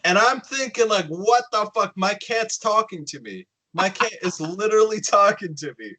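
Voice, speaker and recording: Chatting casually on his podcast, a man spins a story, voicing other people's quotes and cursing freely as he goes. His voice sits high at a moderate pace, and the recording is rough.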